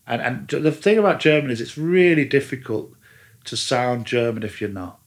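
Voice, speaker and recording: A man in easygoing conversation who keeps circling and restarting his thoughts. His voice sits at an ordinary middle pitch, loose and unhurried. He leans on fillers as he talks his way toward a point. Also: animated. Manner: rambling, many restarts and fillers. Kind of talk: casual chat. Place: lives in a German-speaking country.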